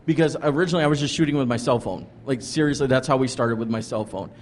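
Talking fast at medium pitch, a male guest who is a pastor and ministry leader shares the story of his ministry. The conversational telling is earnest and rambling, with many restarts and "like"s.

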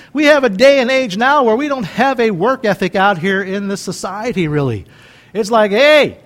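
Folksy high-voiced preacher in his fifties. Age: 50s. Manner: chatty, joking, rambling asides. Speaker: pastor. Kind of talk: folksy conversational sermon.

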